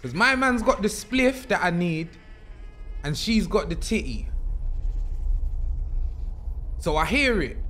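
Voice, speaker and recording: Excitable lad streaming a horror game. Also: male voice, high voice, moderate pace. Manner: excitable, swearing, joking slang banter. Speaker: gaming streamer. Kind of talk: horror let's-play commentary.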